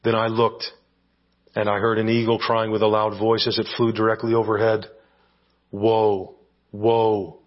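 A man's voice: on the low side, completely flat delivery, fairly quick, lo-fi sound. A man preaching an expository sermon as pastor, teaching verse by verse and checking in with his listeners with rhetorical questions.

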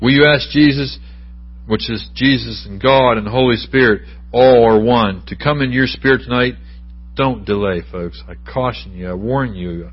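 Husky man preaching a conversational sermon. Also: medium pitch, moderate pace. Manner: conversational preaching with asides and questions to the congregation. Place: church sanctuary. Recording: dull lo-fi church recording.

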